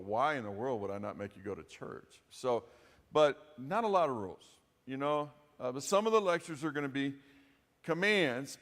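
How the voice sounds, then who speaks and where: A man's voice: mid-range voice, fairly bright tone. A man preaching a sermon as pastor, with a conversational, folksy manner and frequent asides. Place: church sanctuary. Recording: reverberant church hall.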